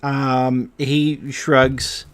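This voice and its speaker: Slow-talking male game master. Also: mid-range voice, flat delivery. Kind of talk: narrating a tabletop game.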